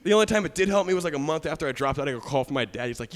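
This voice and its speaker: A man's voice: on the high side, animated, rapid-fire, faint music behind. Brash young man doing stand-up. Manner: brash, crude jokes with frequent laughter. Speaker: stand-up comedian. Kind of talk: stand-up comedy set. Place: studio stage with live audience. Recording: live audience with long hall reverb.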